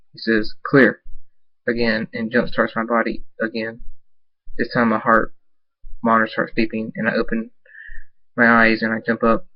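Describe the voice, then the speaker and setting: A man's voice: mid-range voice, dull audio. A man reading his own fan fiction aloud, often stumbling and repeating words. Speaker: storyteller.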